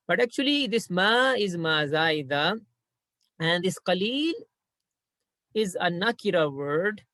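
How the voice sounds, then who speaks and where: A man teaching an Arabic grammar lesson patiently, repeating his points and reciting verses quickly. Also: high voice, sharp tone, no room sound.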